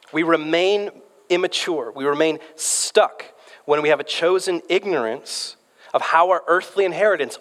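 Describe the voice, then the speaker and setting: Thirties male preacher, casual storyteller, echoing in a big hall. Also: fairly high pitch. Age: 30s. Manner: conversational storytelling with frequent restarts. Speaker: pastor. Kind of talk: sermon. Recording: long hall reverb.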